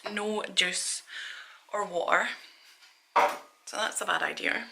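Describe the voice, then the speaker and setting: A woman's voice: medium pitch, fairly even intonation, slow pace, gravelly, very noisy. A woman in her thirties from Scotland, chatting casually and rambling in a studio vlog, laughing at herself. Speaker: artist vlogger.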